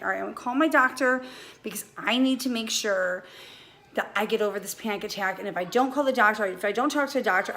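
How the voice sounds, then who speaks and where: A woman in her late thirties vlogs from home in a chatty, anxious, rambling way. Her voice sits a little high, and a faint hiss runs under the recording. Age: 30s. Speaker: vlogger. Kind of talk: casual vlog rant. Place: home with family nearby.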